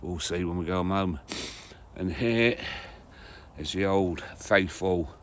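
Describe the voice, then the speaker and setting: A man talks in a low, unhurried voice, chatting to his viewers in a homely way. He has a head cold and sounds a little sniffly. He films on a phone outdoors on a frosty day, with a faint hiss of outdoor ambience behind him. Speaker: gardening vlogger. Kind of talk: casual vlog chat. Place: outdoors at an allotment on a frosty day, later in a car.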